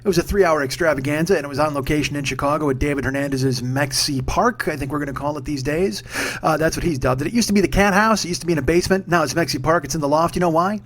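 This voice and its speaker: A man in his forties hosts a casual solo podcast from a home room, where a ceiling fan hums overhead. His voice sits fairly high and fairly bright, and he talks quickly, rambling, swearing and mocking himself. He speaks a little back from a sock-covered mic.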